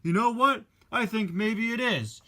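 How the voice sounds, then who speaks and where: A man's voice: measured pace, sharp tone. A man voicing a preachy, peace-loving male hippie van in a toy-car play story, lecturing in a raised voice. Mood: defiant. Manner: high, preachy, sing-song lecturing.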